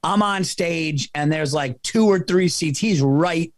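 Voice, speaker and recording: Man, comedian host, casual story, self-mocking, slightly high voice, dry close sound. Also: slow pace, no echo. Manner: animated, laughing, swearing, self-mocking.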